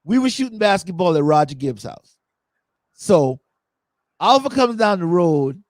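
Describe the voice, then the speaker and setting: A man hosting a podcast in casual chat, telling funny stories with animated energy and acting out quotes. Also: high voice, moderate pace, dry recording. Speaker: podcast host.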